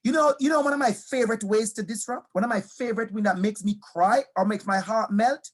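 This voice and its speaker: A man with a high-pitched, brisk voice gives a motivational talk to teachers, mixing in personal stories. He speaks emphatically, repeats key phrases, and addresses his audience directly with questions.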